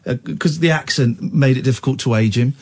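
A man's voice: medium pitch, fairly quick, a little mellow. A man hosting late-night phone-in radio from a studio, playful and teasing with callers, laughing often.

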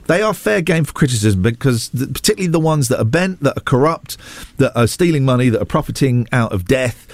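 Man, forties, radio host, rambling, self-mocking, bouncy pitch, dry studio sound. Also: animated, a little fast, dry recording. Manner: rambling, self-deprecating, jumps between asides. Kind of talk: casual on-air chat.

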